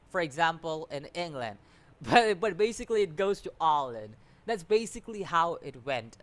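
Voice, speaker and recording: A man's voice: on the high side, a bit bright. A man giving a casual, rambling review, often restarting his sentences and sounding exasperated. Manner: rambling, repeats words, many restarts and fillers; exasperated, complaining. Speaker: anime reviewer.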